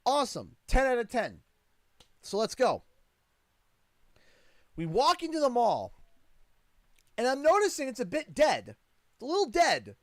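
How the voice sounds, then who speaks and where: A man's voice: very high-pitched, huge pitch swings, measured pace, pauses often, dry recording. A Canadian man in his thirties tells a story on a casual livestream, and his voice swings widely up and down as he goes. He rambles and restarts his sentences often, and an exasperated edge runs through the telling. The sound is dry and close, with no room around it. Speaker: streamer and father.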